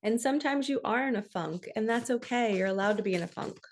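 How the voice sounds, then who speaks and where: A middle-aged woman giving a heartfelt spiritual card reading, talking softly and directly to her viewers. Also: a little high, quick pace, a little hiss or hum. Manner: soft, heartfelt, tearful at times.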